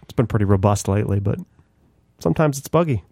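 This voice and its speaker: A man's voice: lowish voice, expressive, fast talker, warm tone, dry recording, studio quality. Easygoing male podcast co-host. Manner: easygoing, laughs often. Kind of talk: casual podcast chat.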